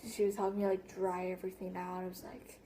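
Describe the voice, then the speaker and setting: A woman's voice: on the low side, completely flat delivery, fast, warm tone, slight background noise. Rambling teen girl telling a storytime. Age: teens. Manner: rambling, full of "like" and restarts. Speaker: vlogger. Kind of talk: casual storytime vlog.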